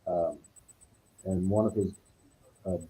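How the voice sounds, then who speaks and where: Middle-aged male guest, very deep and dark, halting delivery full of fillers. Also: steady tone, rough recording. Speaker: podcast guest. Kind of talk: casual storytelling.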